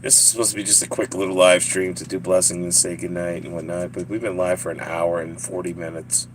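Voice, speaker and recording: A man's voice: sits low, flat delivery, a little fast, background noise. A man with a Southern US accent chatting casually on a live stream, joking and laughing often as he rambles to his viewers.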